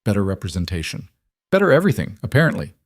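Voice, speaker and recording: A man's voice: fairly low pitch, huge pitch swings, fast talker, dry recording. A wronged wife whose voice comes out tight, clipped and worn down, as a man reads her lines. The sound is close and dry. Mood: strained.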